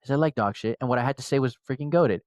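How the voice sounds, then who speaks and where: Slangy, animated podcast co-host man. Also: medium pitch, racing, no echo, lo-fi sound. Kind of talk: casual chat.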